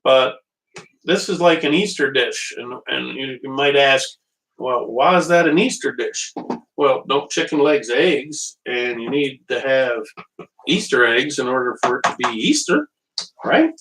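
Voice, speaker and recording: A man's voice: medium pitch, unhurried, fairly bright tone, a little hiss or hum. Rambling, chatty man cooking live, off-mic. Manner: rambling, chatty, joking with viewers. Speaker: home cooking show host. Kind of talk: live-streamed cooking demonstration. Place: kitchen at a small portable stove. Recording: distant mic.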